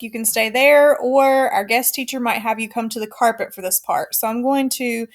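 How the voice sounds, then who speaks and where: A woman teacher giving a recorded phonics lesson to young children, slow and clear, encouraging, with counted call-and-response. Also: on the high side.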